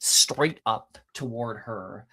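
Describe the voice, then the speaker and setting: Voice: medium pitch, slow pace, pushed and bright, breathy edge. A game master narrating a tabletop game, rambling with many fillers and casual swearing.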